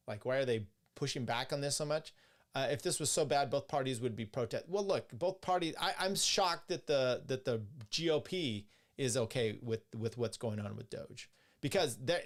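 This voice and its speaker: A man hosting a political podcast, reading articles and viewer questions aloud and commenting in a blunt, rambling way with many restarts and some swearing. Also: mid-range voice. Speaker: podcast host.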